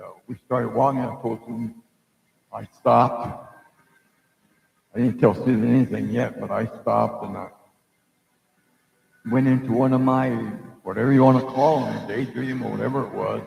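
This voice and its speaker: Middle-aged male psychic host, rough gravelly voice, meandering spoken story, booming echoey room. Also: highs cut off. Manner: meandering, loses his thread, many fillers. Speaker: psychic storyteller hosting a live stream. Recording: echoey room with long reverb.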